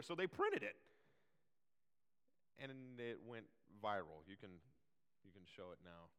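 A man's voice: on the low side, very animated, measured pace, long pauses, a bit bright, clean tone, in a large hall. A man preaching a sermon in a casual, chatty way, full of fillers and restarts.

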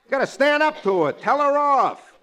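A man's voice: very high voice, expressive, normal speed, pushed and bright, full character voice. An actor playing a cocky, wisecracking male sidekick in a 1940s radio comedy. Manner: cocky, needling, jokey. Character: wisecracking brash male sidekick, a loafing secretary. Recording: old radio broadcast.

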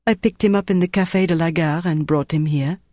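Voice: medium pitch, fairly quick, dry recording, clean studio sound, close to an everyday voice. A narrator voicing a composed young French woman who speaks coolly, in an audiobook. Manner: cool and calm on the phone. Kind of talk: audiobook character voice.

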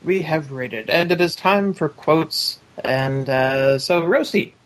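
A man's voice: a little high, takes it slowly. A man hosting a podcast, talking in a casual, meandering way with lots of hesitation. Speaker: podcast host. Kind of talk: casual chat.

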